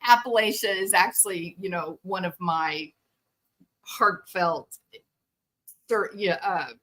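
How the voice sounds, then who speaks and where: A woman hosting a talk show, explaining things casually and acting out parents and children in quick quoted voices. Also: lowish voice, sharp tone. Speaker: podcast host. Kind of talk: explanatory commentary.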